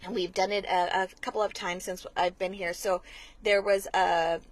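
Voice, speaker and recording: A woman's voice: fairly low pitch, level tone, normal speed. Earnest woman explaining a cause. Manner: earnest, explanatory, many restarts. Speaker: blood center marketing manager, guest. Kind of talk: conversational interview.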